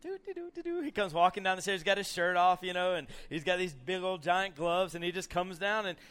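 Man, young, camp speaker; bright, slightly high voice, lively storyteller who acts everything out. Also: brisk, clear, resonant tone. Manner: animated storyteller acting out scenes, many "you know" fillers. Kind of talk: storytelling sermon to youth.

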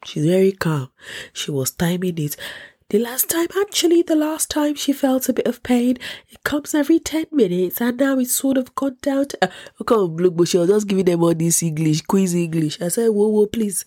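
Husky Nigerian woman telling a story. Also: medium pitch, expressive, normal speed, mellow, no echo, studio quality. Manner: dramatic, acts out quotes in a raised voice, laughs often. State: congested with a cold. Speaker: vlogger. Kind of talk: animated storytelling.

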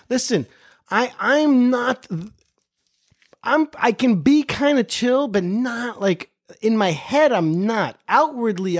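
Guy on a podcast ranting about work, talks slow, swears a lot, voice jumps all over. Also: very high-pitched. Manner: animated, profane, repeats phrases for emphasis. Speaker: podcast host. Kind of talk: casual storytelling monologue.

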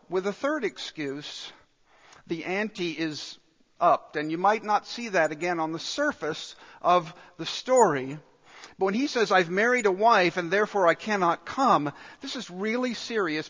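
A man preaching a sermon as a pastor, emphatic, with repeated phrases and pauses. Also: high-pitched, lively intonation, a bit bright, long reverb tail, dull audio.

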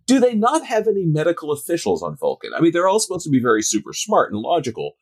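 A man co-hosting a podcast in casual chat, animated, often slipping into mocking voices. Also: fairly high pitch, quick pace, breathy edge, no echo. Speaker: podcast co-host.

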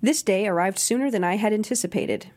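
A woman narrating a memoir audiobook in a measured, even reading. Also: mid-range voice.

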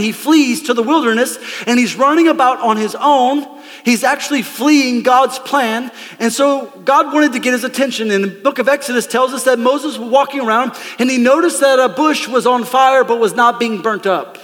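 A man preaching a lively, conversational sermon from a church stage, calling out to the congregation. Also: very high voice, moderate pace, in a large hall. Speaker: pastor. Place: church sanctuary.

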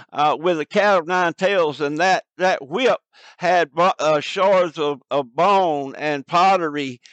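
A man delivers an evangelistic sermon in a slow, deliberate, earnest way, pleading with his listeners. His voice sits a little high. The recording is dry, with no room echo. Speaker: preacher.

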